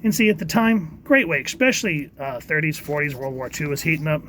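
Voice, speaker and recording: A man giving a casual comic book review, halting often with fillers and reading quoted lines in quick put-on voices. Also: fairly high pitch, animated, bright, forceful tone.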